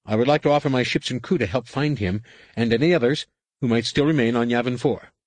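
A man voicing a nervous, fast-talking human smuggler captain who pleads in a hurried, higher voice. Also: no room sound, lightly acted. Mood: eager.

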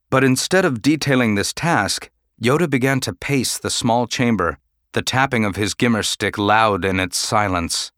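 A man reads an audiobook at an even, measured pace, his voice sitting fairly low. There's no room sound at all, just clean studio audio.

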